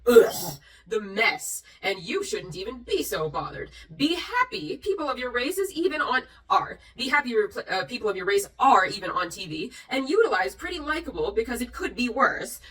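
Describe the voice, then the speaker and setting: A woman's voice: on the high side, very animated, normal speed, fairly bright tone, far from the mic. A tipsy woman on a vlog, reading comments aloud with sarcastic, mocking asides. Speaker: YouTuber reacting to comments.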